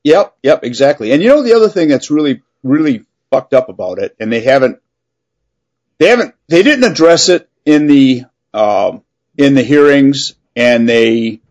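A man's voice: mid-range voice, darkish tone. A man co-hosting a podcast, chatting casually and giving short agreeing replies. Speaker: podcast co-host. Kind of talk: casual chat.

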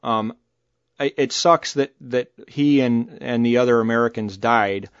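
A man's voice: mid-range voice, a little slow, clear, resonant tone, no echo, muffled recording. A man co-hosting a podcast, talking casually and bluntly, cursing freely. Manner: blunt, animated, swears freely. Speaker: podcast co-host. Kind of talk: casual political chat.

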